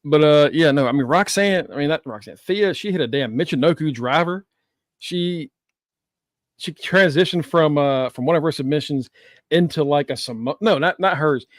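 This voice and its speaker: A man co-hosting a casual wrestling podcast, excitable and profane, laughing often between remarks. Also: on the high side, moderate pace, no room sound, clean studio sound. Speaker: podcast co-host.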